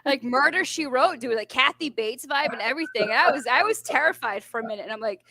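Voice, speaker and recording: A woman chatting on a radio show as a veterans benefits advocate, telling an animated story and swearing freely. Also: sits high, fast, dry recording. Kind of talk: casual radio chat.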